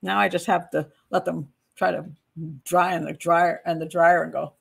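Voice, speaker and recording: A woman's voice: fairly low pitch, fairly even intonation, moderate pace, gravelly, slightly rough. A middle-aged woman hosting a true crime channel, walking through a case file in a chatty, digressive way and laughing at her own asides. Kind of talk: casual case walkthrough, reading statements aloud.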